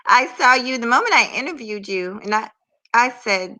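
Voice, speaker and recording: Lying in bed at home, a woman joins a live stream as a guest for casual chat, medicated, sleepy, halting and stammering. Her voice sits on the high side, animated and sharp, moving at a moderate pace over poor audio.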